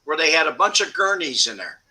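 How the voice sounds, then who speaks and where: Man, interview guest, casual storytelling, halting with restarts, piercing tone. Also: a little high, sing-song, sharp tone, poor audio. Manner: halting, with restarts and small laughs. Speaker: guest telling stories.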